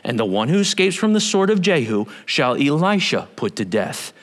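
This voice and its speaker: A man preaching, voicing God in a slow, low and measured tone that drops to a hush. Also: sing-song. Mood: solemn. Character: God, a calm, solemn, commanding male deity. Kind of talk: sermon Bible reading.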